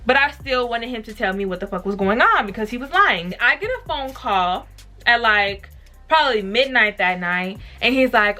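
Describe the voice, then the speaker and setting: A woman telling a casual storytime to her viewers, blunt, profane and animated. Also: on the high side, normal speed, faint music behind. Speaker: vlogger.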